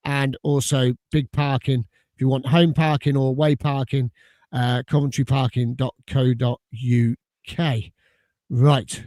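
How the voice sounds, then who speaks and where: A man's voice: medium pitch, level tone, unhurried, a little mellow, dry recording. A man hosting a football fan podcast, casually reading out sponsor plugs with fillers. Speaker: podcast host.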